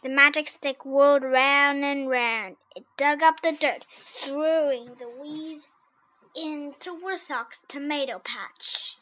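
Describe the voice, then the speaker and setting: Slow, high-voiced woman reading a story. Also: pushed and bright. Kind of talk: reading a children's story aloud.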